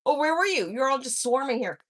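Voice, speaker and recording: A woman's voice: sits high, big pitch swings, fairly quick. A woman hosting a casual livestream from home, swearing constantly, laughing a lot and teasing her chat. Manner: profane, loud, laughs often, teasing. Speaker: livestream host.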